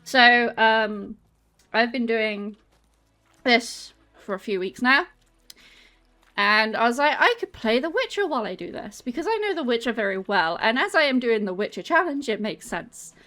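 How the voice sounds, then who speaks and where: Bright-voiced English woman streamer. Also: a little high, animated, normal speed. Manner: chatty and rambling, talks to chat while walking. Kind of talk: casual livestream chat. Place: home, on a treadmill.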